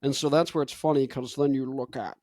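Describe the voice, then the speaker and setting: Hosting a show with a congested nose, a young man talks casually about singing technique, his speech loose, rambling and full of "like." He speaks fairly quickly at medium pitch, with a warm, steady tone and no echo.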